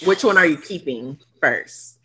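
A woman co-hosting a podcast, relaxed and teasing, mostly reacting with short remarks. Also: low-pitched, a little slow, husky. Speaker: podcast co-host. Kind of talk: casual chat.

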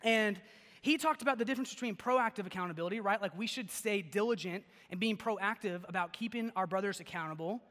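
High-voiced young man preaching in a hall. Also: quick pace. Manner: chatty and animated, lots of "like" and "okay?". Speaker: pastor. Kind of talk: casual sermon with personal stories. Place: church sanctuary. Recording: long reverb of a large hall.

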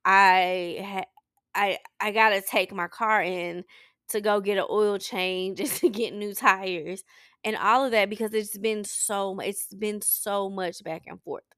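A woman's voice: mid-range voice, steady tone, unhurried, a bit bright, clear, resonant tone, no echo, clean studio sound. A woman hosting a podcast, talking candidly about her week in a personal check-in, rambling with restarts and tearful. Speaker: podcast host. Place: Saint Louis.

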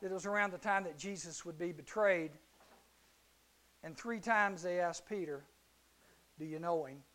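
A man preaching to a youth group, telling stories animatedly, acting out characters and shouting at the peaks. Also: high-pitched, moderate pace. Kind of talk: sermon.

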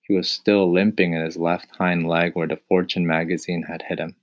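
A man narrating a children's audiobook in a calm, measured way. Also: low voice. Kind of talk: scripted narration.

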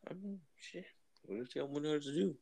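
A man's voice: a little high, a little fast, gravelly, dark tone. A man co-hosting a casual podcast, joking with blunt, profane quips. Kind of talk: casual chat.

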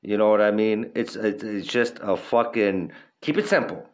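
A man's voice: fairly low pitch, moderate pace. Laid-back profane podcast guy. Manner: profane, laid-back rambling with lots of fillers. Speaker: podcast host. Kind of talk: casual solo podcast talk.

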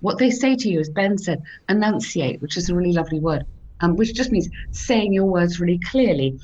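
A woman's voice: fairly low pitch, animated, brisk, darkish tone, highs cut off, a little hiss or hum. A woman from the UK, an IELTS teacher, giving encouraging, chatty advice in a casual discussion, with lots of "um" as she talks.

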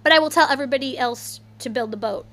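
Animated high-voiced woman telling a story. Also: fast talker, a little hiss or hum. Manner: animated, rambling, many "like"s. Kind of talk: casual storytelling chat.

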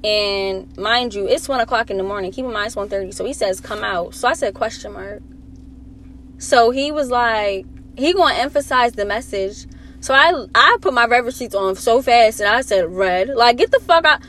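A young woman with an American accent, chatting casually and telling a story in a blunt, profane, animated way. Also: fairly high pitch, fairly quick, slight background noise. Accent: American English, Delaware. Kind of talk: casual chat.

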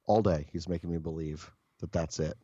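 A man's voice: rumbling low, steady tone, brisk, dark tone, husky, dry recording, lo-fi sound. A man co-hosting a podcast, telling casual stories in a blunt, profane, joking way. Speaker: podcast co-host. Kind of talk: casual storytelling chat.

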